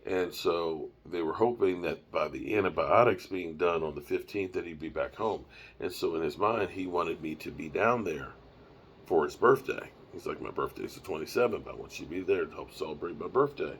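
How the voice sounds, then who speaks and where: A man's voice: deep voice, moderate pace, slight background noise. A man in his fifties, tired and rambling, talking casually on a live stream from the road through a microphone and small mixer. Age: 50s. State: tired, yawning. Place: on the road, mobile setup.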